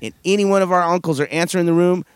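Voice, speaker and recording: A slightly higher-pitched man from Southern Maryland co-hosts a comedic podcast in a dry, close-miked sound. He tells family stories in loose, rambling chat, laughs often, and jumps up into loud voices when he acts out quotes. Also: very fast, smooth, no room sound. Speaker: podcast co-host. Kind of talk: casual comedic chat, storytelling.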